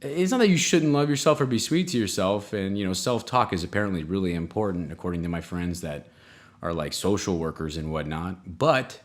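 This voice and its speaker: A man's voice: animated, a little fast. Rambling man hosting a comedy podcast. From United States. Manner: rambling, self-mocking storytelling with sudden jumps in pitch. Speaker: podcast host. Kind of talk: comedic solo monologue.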